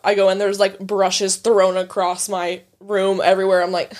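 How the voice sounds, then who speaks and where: A woman's voice: medium pitch, steady tone, normal speed, a little mellow. A young woman in her twenties co-hosting a casual chat show, candid and swearing freely, acting out the voices of people in her stories. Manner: candid, swears freely, acts out quoted dialogue. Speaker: podcast co-host.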